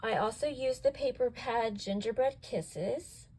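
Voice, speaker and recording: Slow-talking gushing craft host woman. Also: on the high side, a little mellow, slight background noise, poor audio. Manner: gushing, keeps asking if it's cute. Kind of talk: craft project show-and-tell.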